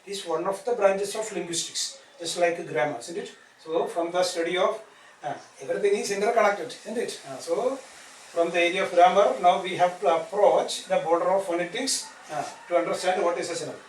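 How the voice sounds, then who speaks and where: A man's voice: sits high, brisk. A man teaching an English grammar class, repeating points and asking tag questions to check understanding. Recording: echoey room from far off, faint noise.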